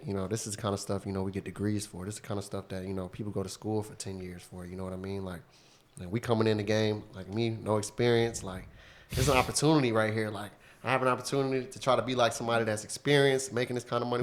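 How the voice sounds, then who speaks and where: A low-voiced man talking quickly as a podcast guest. He sounds motivational and casual and fills his lines with "you know" and "like". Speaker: guest salesman.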